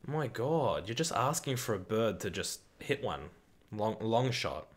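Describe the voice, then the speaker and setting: Young male streamer, low voice, casual football watch-along banter, excitable and sweary. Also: normal speed. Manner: excitable, swearing, reads chat aloud. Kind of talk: casual live-stream chat and commentary.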